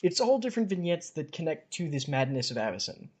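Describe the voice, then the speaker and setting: A man's voice: on the high side, very animated, fast talker, darkish tone. A man casually retelling a fantasy story on a podcast, chatty and wry. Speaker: podcast co-host.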